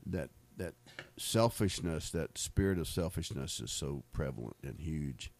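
Low-voiced rambling American man. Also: expressive, measured pace, darkish tone. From United States. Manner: rambling, repeats words and restarts, laughs often. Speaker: speaker sharing faith stories. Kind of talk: casual storytelling testimony.

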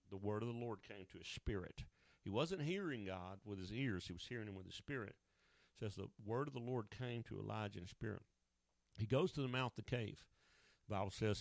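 A man preaching a sermon, swinging between loud emphatic lines and hushed asides. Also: fairly low pitch, gravelly, dry recording, studio quality.

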